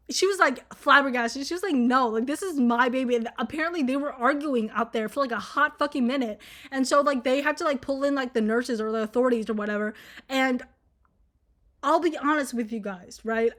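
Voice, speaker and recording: A woman's voice: high-pitched, bright, forceful tone. A young woman from Vietnam telling a personal story in a rambling, profane, laugh-filled casual way. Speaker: vlogger.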